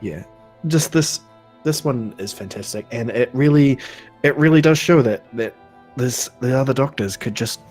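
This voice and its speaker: A man's voice: mid-range voice, moderate pace, a little mellow, faint music behind. A man co-hosting a podcast, chatting casually and enthusiastically, often restarting his sentences. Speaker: podcast co-host. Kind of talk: casual chat.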